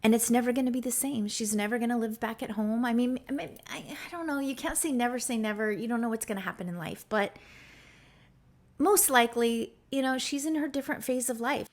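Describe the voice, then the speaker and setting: A woman's voice: a little high, fairly quick. Reflective woman vlogger talking from the heart. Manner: reflective, emotional, rambling with restarts. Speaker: YouTube vlogger. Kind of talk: casual heartfelt talk to camera.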